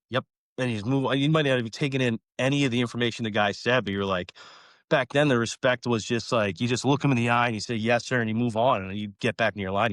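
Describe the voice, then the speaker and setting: A man's voice: mid-range voice, fairly bright tone, dry recording, studio quality. A man, a college baseball coach, talking casually in a podcast interview, rambling with lots of fillers and acting out conversations.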